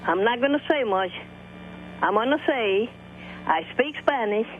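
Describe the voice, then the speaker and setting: A woman's voice: on the high side, expressive, measured pace, slight background noise. Indignant old lady caller from tampa, seventies, repeats herself, phone-line sound. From Tampa, Florida. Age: 70s.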